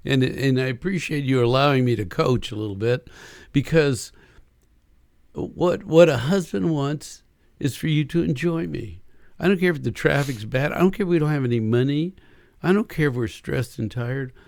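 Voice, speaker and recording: A man's voice: mid-range voice, normal speed, vocal fry, no room sound, studio quality. A man co-hosting a marriage podcast, coaching listeners in casual chat and acting out quoted lines with energy. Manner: animated, acts out quoted lines.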